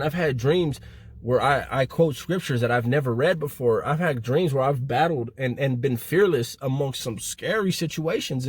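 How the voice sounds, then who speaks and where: Man, husky voice, slightly high pitch, middle-aged, street slang, casual storytelling. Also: no echo. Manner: street slang, loose and repetitive, animated when reenacting. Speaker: channel host telling prison stories.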